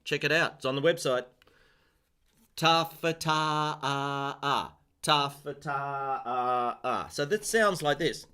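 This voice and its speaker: Slow-talking man teaching piano live. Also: mid-range voice, bright, forceful tone, smooth. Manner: chatty, counts and chants rhythms aloud, self-deprecating. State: voice a bit rough, clearing throat and coughing. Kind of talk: casual live-stream piano lesson. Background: piano playing.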